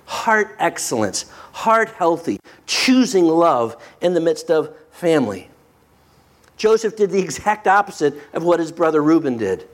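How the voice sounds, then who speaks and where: A male pastor preaching a sermon, emphatic and swinging from animated to hushed. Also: a little high, a little slow.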